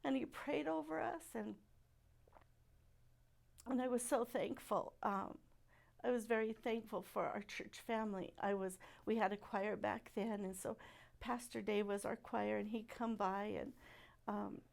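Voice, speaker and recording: A middle-aged woman giving a personal testimony at church, speaking softly and haltingly with many pauses. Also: mid-range voice, fairly even intonation, creaky. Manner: halting and soft-spoken, many pauses and fillers.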